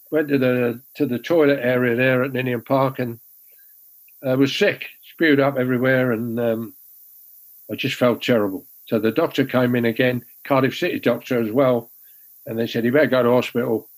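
A man's voice: mid-range voice, low-quality recording. An older man, a former goalkeeper telling rambling, self-deprecating stories with many restarts. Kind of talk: casual anecdote telling.

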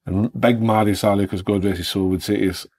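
A man's voice: lowish voice, fairly even intonation, brisk, a little mellow. A Scottish man co-hosting a podcast, blunt and sweary in casual banter. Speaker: podcast co-host, former footballer.

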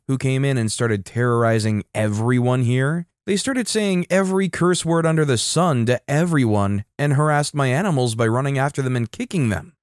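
A man narrating a story in a steady, matter-of-fact scripted reading. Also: mid-range voice, dry recording, clean studio sound.

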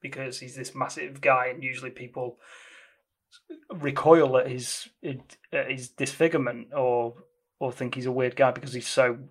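A man talks through a film's story in a loose, rambling way. He stops to correct himself often and keeps adding details as he goes. His voice sits at an ordinary middle pitch. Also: flat delivery, normal speed. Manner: rambling, self-correcting, explanatory. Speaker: podcast co-host discussing a film. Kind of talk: casual film discussion.

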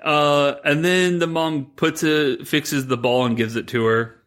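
A man co-hosting a podcast, retelling a movie plot in a rambling, animated way, quoting the characters as he goes. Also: fairly high pitch, measured pace. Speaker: podcast co-host. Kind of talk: casual chat recapping a movie.

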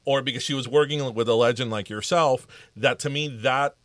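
Male podcast host, relaxed. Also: mid-range voice, normal speed, no echo. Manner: conversational, mixing in Spanish phrases. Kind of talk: casual interview chat.

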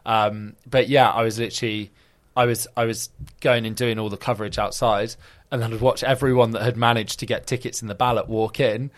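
Animated young man telling stories. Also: mid-range voice, brisk. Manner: animated storyteller acting out quoted voices, filler-heavy. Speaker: guest, football video presenter. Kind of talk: casual interview chat.

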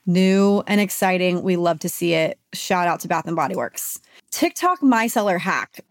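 A woman co-hosting a beauty podcast as a beauty editor, chatting casually in an animated way. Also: on the low side, normal speed, no echo, studio quality. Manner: chatty and animated, mimics others with exaggerated voices.

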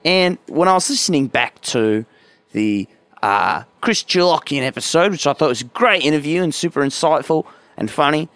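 A man hosting his own podcast in a loose, rambling way, poking fun at himself and swearing casually. His voice sits on the higher side and is crisp and smooth, with a dry, close sound and no room echo. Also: expressive, moderate pace, a bit bright. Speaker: podcast host.

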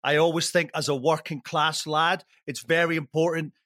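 A man's voice: on the high side, little pitch movement, moderate pace, a bit bright, no echo, clean studio sound. A middle-aged man telling jokey stories in a casual podcast chat, laughing often.

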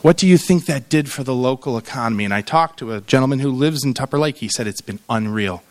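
Speaking quickly at a medium pitch, this middle-aged keynote speaker delivers a funny conference talk. His storytelling is lively, and he performs the quoted lines of each character.

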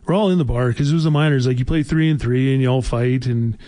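A man's voice: mid-range voice, quick pace, warm tone, dry recording. A man in his forties, a former hockey player, telling rambling stories full of fillers in a casual talk show chat. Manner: rambling, filler-heavy anecdotes. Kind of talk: casual storytelling.

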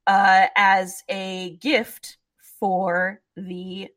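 Lady gm setting up a tabletop game, slow and unhurried, lots of uhs. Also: mid-range voice, flat delivery, fairly bright tone. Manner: slow, hesitant narration with fillers. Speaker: game master.

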